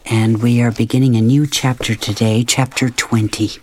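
A woman hosting a children's show, reading a book aloud in a clear, expressive way. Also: very deep voice, normal speed, slight background noise. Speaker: host and storyteller.

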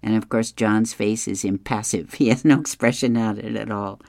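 A man's voice: lowish voice, steady tone, vocal fry, a little mellow, no echo. A man hosting a radio show, reading an advice column and describing comic strips aloud with amusement. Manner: unhurried, amused, chuckling while reading. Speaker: radio host.

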